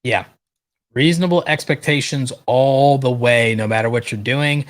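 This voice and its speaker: A man's voice: medium pitch, moderate pace. A man hosting a livestream, reading viewer questions aloud and answering them in a direct, casual way. He says he is losing his voice. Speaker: livestream host.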